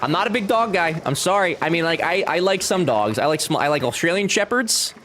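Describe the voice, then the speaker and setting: A man's voice: on the high side, expressive, fairly quick, fairly bright tone, slight background noise. A young man chatting casually with his live-stream chat while playing a game, joking and talking back to viewers.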